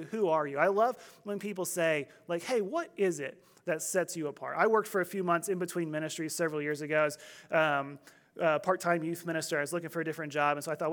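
Pastor type, man, high voice, chatty sermon with light humor. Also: a bit bright. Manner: conversational storytelling with humor.

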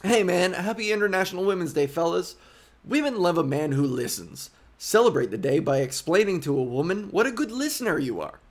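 A man's voice: high-pitched, big pitch swings, brisk. A male comedian hosting a podcast alone, talking in a casual, rambling monologue, interrupting himself and swearing. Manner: rambling, self-interrupting, profane.

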